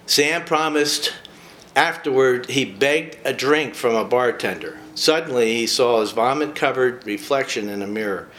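A man's voice: medium pitch, unhurried, a bit bright. A man in a casual talk, reading a short biography aloud and breaking off for chatty personal asides. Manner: chatty, with frequent personal asides between read passages.

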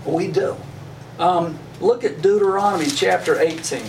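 A man's voice: high voice, normal speed. A man leading a casual Bible study, reading verses and retelling them in folksy slang. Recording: echoey room, mic far off, faint noise.

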